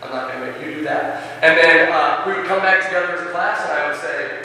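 A man demonstrating a lesson for teachers, animated and expressive, questioning his audience and reading passages aloud with feeling. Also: fairly high pitch, fast, a little hiss or hum. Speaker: teacher leading a teacher workshop. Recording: echoey hall, from a distance.

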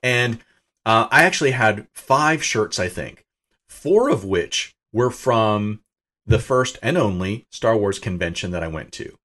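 A middle-aged man telling a personal story in a podcast interview, talking casually and amused, often jumping up in pitch when he quotes someone. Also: unhurried. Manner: animated and self-amused, voice jumping up for quoted lines. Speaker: podcast guest. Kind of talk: conversational storytelling.

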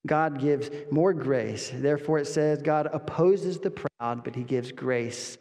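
Taking it slowly with few pauses, this pastor's slightly high, darkish voice delivers an earnest, emphatic expository sermon. Repeated lines and rhetorical questions echo in a hall's long reverb.

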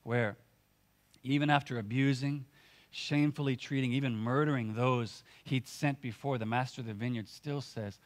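A male pastor delivers a sermon in an earnest, conversational way. He talks through his points with casual filler words and quick restarts, at an ordinary mid pitch. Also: steady tone.

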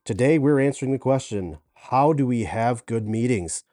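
A man with a Minnesotan accent, co-hosting a podcast and chatting in a friendly, relaxed way with easy laughter. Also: mid-range voice, moderate pace, no room sound. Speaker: podcast co-host. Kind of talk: casual podcast chat.

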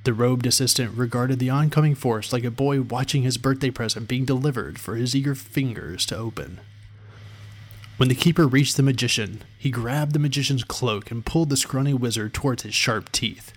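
A man reading a fantasy novel aloud as its narrator, in a steady storytelling manner. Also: mid-range voice, moderate pace, husky. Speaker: audiobook narrator.

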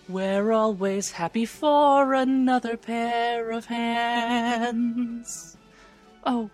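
A woman's voice: mid-range voice, pitched above the performer's own voice. A woman voicing a bossy, cheerful half-elf cook with a musical, sing-song voice.

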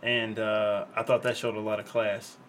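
A man's voice: lowish voice, moderate pace, a little hiss or hum. A man co-hosting a podcast, reading a story and then giving his own earnest commentary in casual talk. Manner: earnest commentary, relaxed, loose. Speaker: podcast co-host. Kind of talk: casual chat, reading a news segment.

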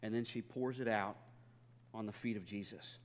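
Pastor preaching in a reverberant hall. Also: male voice, on the low side, fairly even intonation, normal speed. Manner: storytelling with humor, frequent repeated words. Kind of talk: sermon.

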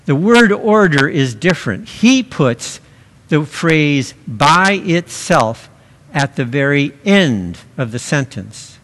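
A man preaching a sermon, slow and deliberate, pausing to stress key words. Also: fairly high pitch, fairly bright tone, big-room sound. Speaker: pastor.

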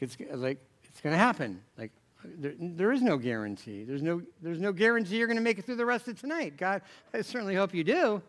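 A man's voice: high-pitched, fairly bright tone. A man preaching a conversational sermon, rambling through asides and jokes, then rising into emphatic bursts. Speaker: pastor.

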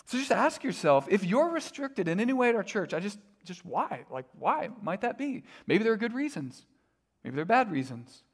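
At normal speed, this middle-aged pastor preaches with a relaxed, conversational manner, his voice a touch higher than most men's. Casual fillers and self-deprecating asides run throughout.

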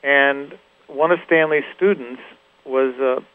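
A middle-aged man chats as an interview guest, his voice of ordinary middle pitch. He tells long anecdotes at an easy pace, full of fillers and restarts. The feel is loose and conversational. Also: slow pace, smooth, narrow, tinny audio. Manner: relaxed, rambling anecdotes with many fillers and restarts. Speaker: guest musician, guitarist. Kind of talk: casual interview storytelling.

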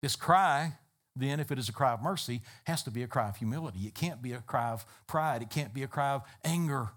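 A man's voice: medium pitch, brisk, a bit bright. A man preaching a sermon as a pastor, building emphatic repeated phrases. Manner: emphatic, repetitive preaching cadence.

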